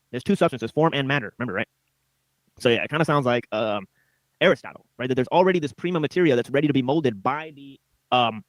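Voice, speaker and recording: A man's voice: medium pitch, dry recording. A male host of a live stream, reading philosophy texts and commenting on them in a rambling way, tagging nearly every phrase with "right?".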